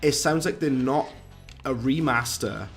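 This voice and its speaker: A man offers casual, rambling commentary on a live game stream, chatting with viewers, reading their messages aloud and using British slang. He speaks at a measured pace in a mid-range voice, with game music in the background.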